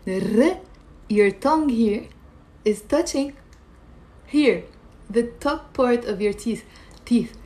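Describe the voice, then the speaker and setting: A woman teaching a live online language lesson. She repeats sounds slowly and quizzes her viewers with questions. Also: fairly high pitch, animated, dark tone. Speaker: Arabic teacher.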